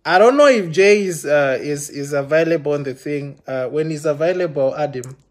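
High-pitched man ranting accusingly on a livestream. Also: fairly quick. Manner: impassioned and accusatory, with many restarts. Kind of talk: live-streamed rant to viewers. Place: London.

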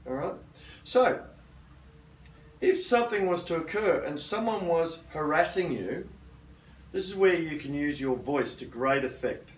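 A middle-aged man with a fairly high voice teaches self-defence in a firm, assertive way, checking in with his class as he goes. He sounds a few steps from the mic in a roomy indoor space. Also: animated, a little slow, pauses often, far from the mic, a little hiss or hum. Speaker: karate instructor.

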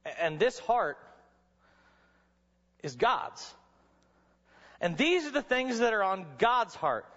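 A man preaching a sermon to college students, telling stories dramatically and sometimes rising to a shout. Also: high voice, big pitch swings, takes it slowly. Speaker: chapel speaker. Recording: dull sound with long hall reverb.

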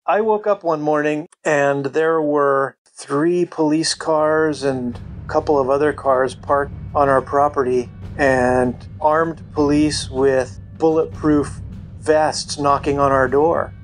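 Middle-aged male guest, fairly high voice, chatty storyteller. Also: steady tone, slow pace, faint music behind. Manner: chatty, many "you know" fillers, laughs often. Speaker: podcast guest. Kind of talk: casual storytelling.

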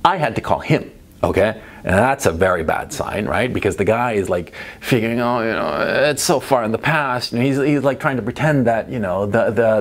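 A middle-aged man recounts a story in a loose, profane monologue, sounding exasperated throughout. His pitch swings widely, rising high and dropping low, and he keeps checking in with the listener with "right?" while restarting his sentences. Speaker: commentator telling a personal story.

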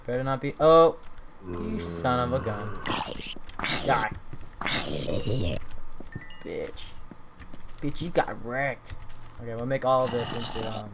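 A man's voice: medium pitch, background noise. Cursing man narrating his gameplay. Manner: profane, flares into loud cursing outbursts; talks to his viewers as "guys" and "fellas". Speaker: gaming video creator. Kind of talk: casual let's-play commentary. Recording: keyboard and mouse clicks audible. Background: keyboard typing and clicks.

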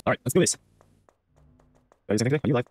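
A man's voice: mid-range voice, racing, darkish tone, no echo, faint music behind. A man giving casual let's-play commentary, joking, swearing freely and chatting to the game characters. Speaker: gaming streamer.

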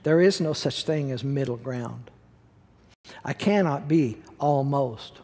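A man's voice: medium pitch, slow, a little mellow, in a large hall. A man preaching a sermon as pastor, emphatic and conversational, repeating key words for effect.

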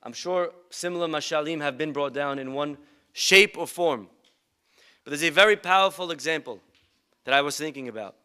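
Storytelling male rabbi, bright clear voice. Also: a little high. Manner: storytelling, humorous, rhetorical questions to the congregation. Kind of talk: sermon. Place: synagogue event.

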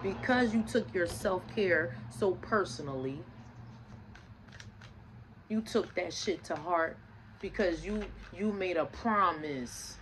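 A woman's voice: low-pitched, unhurried, long pauses. A woman delivers a casual tarot reading, speaking emphatically and preaching through rhetorical questions. She swears freely and circles back on her own phrases. A faint background noise sits under her voice. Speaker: tarot reader.

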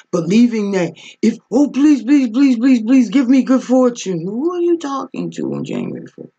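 Husky woman preaching with emphatic questions. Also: on the low side, darkish tone. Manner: emphatic, asks rhetorical questions, often says "okay?". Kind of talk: spiritual teaching sermon.

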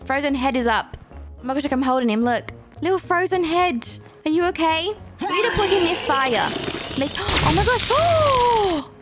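A young woman giving playful, excitable commentary while playing a hospital role-play game, chatting and exclaiming often. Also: sits high, a little fast, over music. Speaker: gaming YouTuber.

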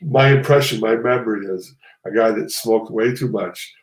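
A man's voice: lowish voice, normal speed, echoey room, rough recording. A man, a comic artist guest, talking casually and rambling, often restarting and correcting himself. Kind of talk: casual conversation.

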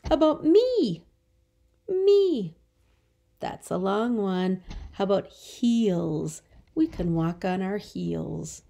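This is a woman teacher leading a phonics lesson for small children. She speaks slowly in a mellow voice with a gravelly edge, drawing out each word patiently and encouragingly. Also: mid-range voice, animated. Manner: slow, drawn-out words, encouraging and patient.

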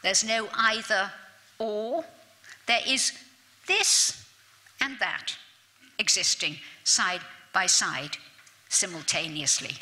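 A woman giving a literature lecture at a summer school, chatty and lively, with asides to her audience and little self-mocking remarks. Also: medium pitch, slow, pauses often. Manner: self-deprecating, laughs at herself.

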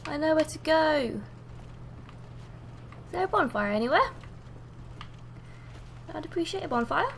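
A very high, bright-voiced young woman narrates her gameplay in a slow, lively sing-song. She is excitable and swears loudly at the game. A faint hiss sits under the voice. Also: vocal fry. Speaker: gaming streamer. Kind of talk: let's play commentary.

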